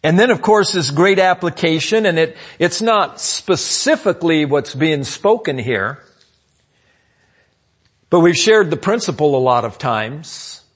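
A man preaching a sermon, calling out "amen?" to the congregation and swinging between loud emphatic lines and low asides. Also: expressive, a little slow. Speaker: pastor.

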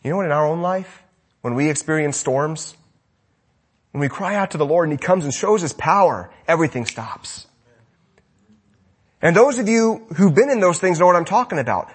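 A man preaching a sermon with passion, his voice rising loud and dropping to a hush. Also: on the high side, expressive, moderate pace, slightly rough. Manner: impassioned preaching, swinging between loud and hushed. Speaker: pastor.

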